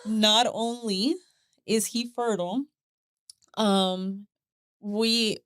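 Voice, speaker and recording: A woman's voice: medium pitch, fairly even intonation, drawn-out words, a bit bright, clear, resonant tone, no echo, studio quality. A woman guest on a podcast, openly telling a personal story in casual conversation and laughing now and then. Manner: open, storytelling with acted quotes and laughs.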